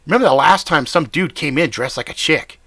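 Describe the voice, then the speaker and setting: A man's voice: a little high, fairly quick, no echo, voice pushed up. Jittery cursing sidekick, a male narrator putting him on, raised voice, panicky storybook friend. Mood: alarmed. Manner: excitable, swearing, talks over the speaker.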